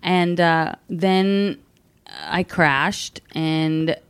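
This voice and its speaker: A woman's voice: lowish voice, fairly even intonation, drawn-out words, clear, resonant tone, dry recording. A woman speaking as a guest, telling a personal story candidly and with emotion, acting out the voices of people she quotes.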